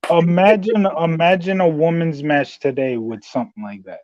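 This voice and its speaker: A man's voice: on the high side, normal speed, a little mellow, slight background noise. A man hosting a casual wrestling podcast who recaps events and steers the talk. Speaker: podcast host. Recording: dry, dull lo-fi sound.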